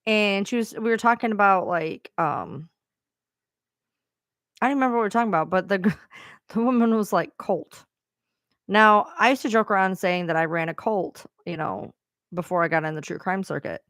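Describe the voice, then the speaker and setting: A woman's voice: medium pitch, brisk, a bit bright, clean tone, no room sound. Chatty woman streamer, dry close sound. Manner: chatty, rambling, swears. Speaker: live streamer. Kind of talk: casual storytelling to viewers.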